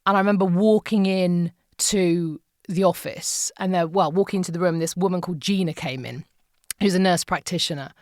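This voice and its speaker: A middle-aged woman speaks as a podcast guest, sharing a painful personal story in a candid, halting way. She often repeats phrases and trails off. The recording is close and dry. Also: lowish voice, darkish tone, dry recording.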